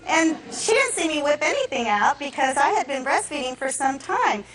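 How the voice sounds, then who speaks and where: Animated woman testifying in an echoey courtroom. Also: high-pitched, normal speed, distant mic. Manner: animated retelling with acted quotes. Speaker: defendant.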